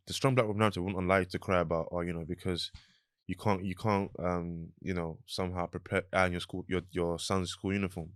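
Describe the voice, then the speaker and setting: A young man hosts a podcast, thinking his points through with halting restarts. His voice is very low. The recording is close and dry. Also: smooth, no room sound. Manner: thoughtful, halting, with many restarts. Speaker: podcast host. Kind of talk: casual chat.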